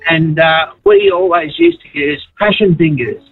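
Gravelly older Australian caller on phone. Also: male voice, a little high, sing-song, moderate pace, dry recording. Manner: cheeky, laid-back. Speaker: radio caller. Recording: tinny dry phone line.

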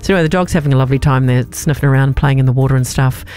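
A woman's voice: very deep voice, very fast, warm tone, smooth. A woman co-hosting a radio show, telling an everyday story in casual banter and laughing often. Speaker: radio co-host.

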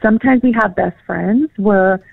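A woman's voice: medium pitch, normal speed, vocal fry, no echo. A woman from California, a guest on the phone, chatting casually with many fillers and easy laughs. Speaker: pet psychic guest. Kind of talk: casual interview chat. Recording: tinny phone line.

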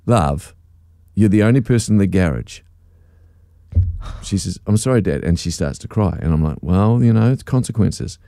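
A middle-aged New man hosting a radio show, his low voice swinging widely as he tells a story with plenty of laughter. The sound is close and dry, with no room in it. He acts out the other people in the story. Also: expressive, normal speed, gravelly, mellow, dry recording. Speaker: radio host. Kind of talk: casual radio chat, storytelling.

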